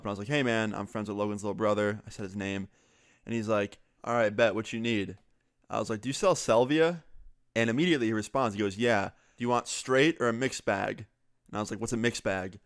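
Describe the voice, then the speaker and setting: A man's voice: lowish voice, no room sound. Young man telling a story, dry close sound. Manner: animated, quotes friends in quick back-and-forth, many "like" fillers. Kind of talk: casual storytelling.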